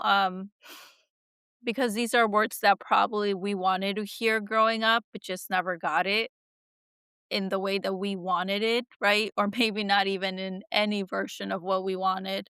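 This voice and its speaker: A woman hosting a podcast, talking in a soft, reflective, rambling way with many fillers. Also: mid-range voice, smooth, no echo, studio quality. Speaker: podcast host. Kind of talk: casual heartfelt conversation.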